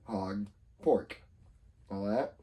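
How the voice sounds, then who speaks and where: A man's voice: on the low side, very slow, warm tone. A young man co-hosting a casual podcast chat, rambling, laughing often and acting out quotes in silly voices. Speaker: podcast co-host.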